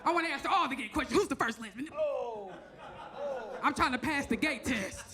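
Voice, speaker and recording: A female stand-up comedian in an animated, teasing way, talking straight to the crowd. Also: sits high, fairly quick. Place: comedy stage.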